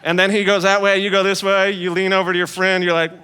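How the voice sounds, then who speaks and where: A man's voice: sits high, flat delivery, fast, pushed and bright, clear, resonant tone. A man preaching a sermon as a guest speaker, in a conversational, playful way, acting out quoted voices.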